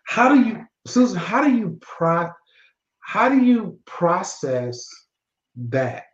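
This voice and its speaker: An interviewer asking gentle, probing questions. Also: mid-range voice, sing-song, takes it slowly, roomy sound, muffled recording.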